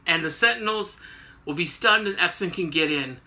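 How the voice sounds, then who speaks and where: Joking man recapping comics, sharp bright voice. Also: a little high, lively intonation, normal speed. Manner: rambling, joking, many fillers. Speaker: host. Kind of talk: casual comic book recap.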